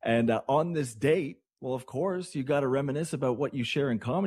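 A man from Canada hosting morning radio, talking in a chatty, rambling way with excitable asides. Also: mid-range voice, fairly quick, hardly any pauses, husky, no echo, studio quality. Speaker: radio host.

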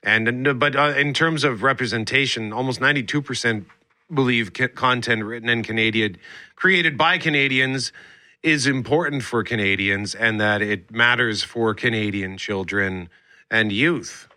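A man hosting a talk radio show, reading out survey findings and chatting in a relaxed way with his co-host. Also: medium pitch, moderate pace, no echo, studio quality. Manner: relaxed, reads survey findings, chuckles along.

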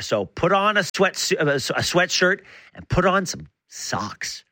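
A man's voice: high voice, sing-song, slow, pushed and bright, dry recording. A man from Canada co-hosting a show, joking in a sarcastic, mock-serious way. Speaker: radio show co-host. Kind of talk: comedic banter.

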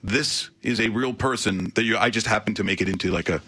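A man's voice: fairly low pitch, fairly quick, a little hiss or hum. A middle-aged man, a radio personality, telling stories on a studio microphone and acting out the voices of others. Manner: animated storyteller, acts out quotes. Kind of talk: casual radio interview.

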